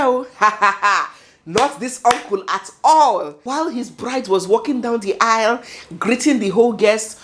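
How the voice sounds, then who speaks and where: Lively Nigerian woman vlogger. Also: fairly high pitch. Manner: dramatic, talks to herself, laughs often. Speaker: vlog commentator. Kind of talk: animated commentary vlog.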